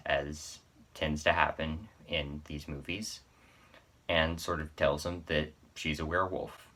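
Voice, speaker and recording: Low, flat-voiced man reviewing films. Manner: rambling, with offhand asides and self-corrections. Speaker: horror film reviewer. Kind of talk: casual spoken movie review.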